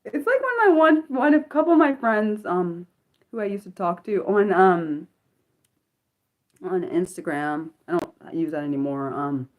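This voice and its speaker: Rambling woman in her thirties, lowish voice. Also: very animated, a little slow. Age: 30s. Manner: rambling, jumps between topics, loses her thread. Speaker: livestream host. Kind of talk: casual unscripted livestream chat.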